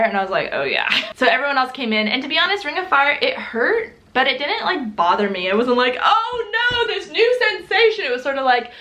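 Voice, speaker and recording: A young woman talks straight to her camera in a relaxed, chatty vlog style. Her voice sits a little on the high side, and she laughs easily and fills her sentences with casual fillers. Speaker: vlogger.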